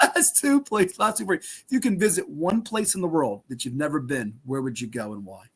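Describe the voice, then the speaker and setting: A man hosting a sports podcast, asking quick questions in an upbeat, easygoing manner. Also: on the high side, husky. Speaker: podcast host.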